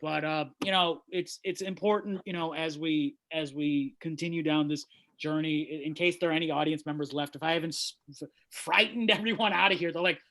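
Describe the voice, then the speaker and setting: High, bright, shouting comedian man. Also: brisk. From Chicago suburbs, USA. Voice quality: crusty, shouty voice. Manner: loud, animated ranting with sudden drops to mumbling asides. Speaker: stand-up comedian. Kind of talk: stand-up set over video call. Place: childhood bedroom. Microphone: laptop mic.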